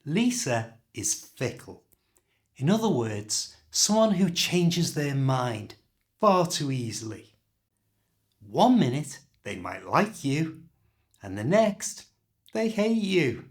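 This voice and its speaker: Slow, lively British English teacher. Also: male voice, fairly high pitch. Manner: slow, clear, demonstrative delivery. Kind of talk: scripted pronunciation lesson.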